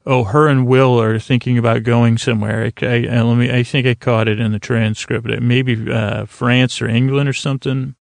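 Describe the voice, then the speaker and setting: A man's voice: mid-range voice, flat delivery, gravelly, no room sound. A man hosting a sleep podcast, recapping a TV episode in a meandering, hesitant way with lots of fillers and restarts. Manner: mild, drowsy, unhurried delivery. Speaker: podcast host.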